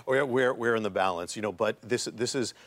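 A man, a guest author, explaining Hebrew scripture words in conversation, halting with many restarts before building to emphatic points. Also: mid-range voice, background noise. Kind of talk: casual Bible teaching in conversation.

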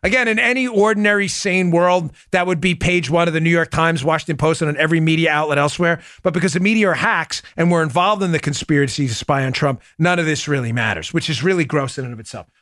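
A man's voice: fairly high pitch, fast, hardly any pauses, fairly bright tone, dry recording, clean studio sound. A man hosting a political commentary podcast, talking emphatically and combatively, often calling his listeners folks. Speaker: podcast host.

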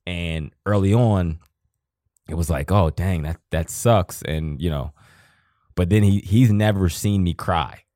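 A man in his thirties co-hosts a podcast in a low, unhurried voice with a dark tone, recorded dry at studio quality. The conversation is casual and emotional, as he speaks from the heart, rambles, and swears freely.

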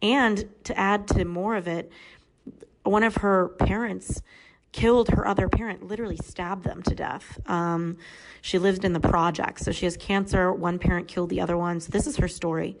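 Thirtysomething woman on a podcast, lots of vocal fry, telling her story real candid. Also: fairly low pitch, fairly even intonation, normal speed, poor audio. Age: 30s. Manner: candid, earnest, frank. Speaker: podcast guest. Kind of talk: personal storytelling.

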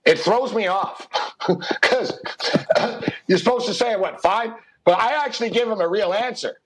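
A high-pitched man hosting a sports betting chat show. He tells stories with lots of energy, acts out every line of dialogue, and breaks into laughter as he goes. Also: a little slow, breathy edge, rough recording. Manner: animated storyteller who acts out dialogue, laughing often. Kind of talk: casual chat.

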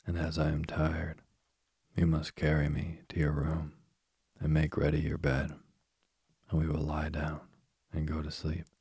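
A man voicing a cold, insistent male frog in a storybook reading, his own deep gravelly voice barely changed. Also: monotone, unhurried, long pauses, a little mellow, dry recording, studio quality, full character voice. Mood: demanding. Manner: insistent, demanding.

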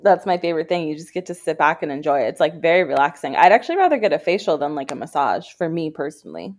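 A woman's voice: low-pitched, big pitch swings, fast talker. Enthusiastic American woman podcast host. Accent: American English. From United States. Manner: enthusiastic, uses "like" often. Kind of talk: casual interview chat.

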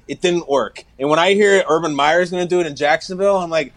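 A man who is a guest on a sports podcast, telling lively stories and mimicking people as he chats. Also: a little high, fast, hardly any pauses. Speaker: guest, TV morning show co-host. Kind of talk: casual sports talk.

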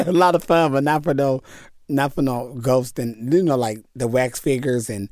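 A man chatting as a podcast guest, telling stories in an animated way and laughing often. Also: mid-range voice, moderate pace, no echo, studio quality. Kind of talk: casual podcast chat.

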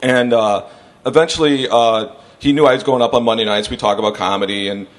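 A man's voice: medium pitch, fairly quick. A man hosting a podcast, telling stories in a loose, rambling way and acting out the people he quotes. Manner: rambling, animated storyteller who acts out quotes. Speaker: podcast host. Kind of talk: casual chat, storytelling.

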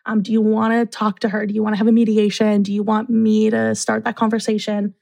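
Chatty woman with a gravelly voice. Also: medium pitch, brisk. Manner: animated, acts out quotes. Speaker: residence life staff. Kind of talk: casual storytelling.

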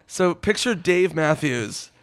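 A man spins a raucous anecdote in loose, profane chat, slipping into other people's voices as he goes. His voice is gravelly and sits a bit high. The room sounds dry and close. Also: slow, no room sound. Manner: animated, swearing, acts out quotes. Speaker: podcast guest. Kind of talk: casual storytelling chat.

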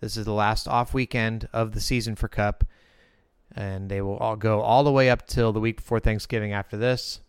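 A man hosting an interview podcast, relaxed and chatty, poking fun at himself. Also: lowish voice, normal speed, smooth, no echo, clean studio sound. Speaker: podcast host.

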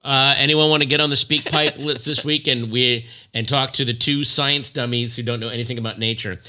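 A man co-hosting a podcast in casual chat, an animated, joking storyteller. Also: medium pitch, a little fast. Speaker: podcast co-host.

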